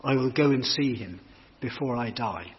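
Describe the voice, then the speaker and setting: A man's voice: mid-range voice, normal speed. A man giving a sermon, reading scripture aloud and then reflecting on it in a thoughtful, explanatory way. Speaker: preacher. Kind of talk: sermon explaining a Bible passage. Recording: long hall reverb, dull lo-fi sound.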